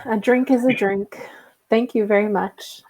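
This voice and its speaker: A woman's voice: medium pitch, fairly even intonation, unhurried, a little mellow, poor audio. A woman playing in a tabletop game, giving short, easygoing replies. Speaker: player. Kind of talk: casual chat in a tabletop game.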